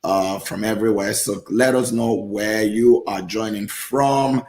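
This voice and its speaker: A man co-hosting a live church talk show as pastor, relaxed and encouraging viewers to share and join in. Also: lowish voice, a little slow. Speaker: pastor and co-host.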